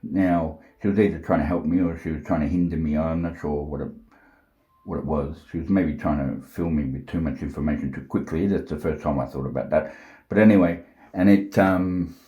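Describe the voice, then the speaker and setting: Halting, deep-voiced man thinking aloud. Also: mellow, echoey room, highs cut off. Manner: slow, halting, thinking aloud with many fillers and restarts; blunt and profane, insistent. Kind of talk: unscripted monologue to camera. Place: at home.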